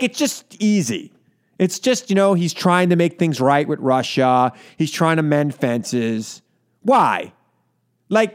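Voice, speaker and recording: Fired-up talk radio host, man. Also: high-pitched. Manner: indignant, emphatic, repeats for effect. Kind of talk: political radio monologue.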